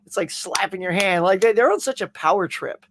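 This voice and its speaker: This podcast host, a man, keeps things casual on his pop culture show, chatting through viewer comments and laughing a lot. He speaks briskly in a high, somewhat bright voice, with a little hiss or hum in the recording.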